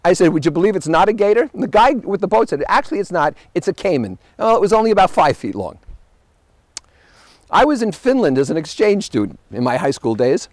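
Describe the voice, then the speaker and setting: A man hosting a show, telling travel stories in an animated monologue with wry punchlines. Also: sits high, a little fast, no echo. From United States. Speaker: host.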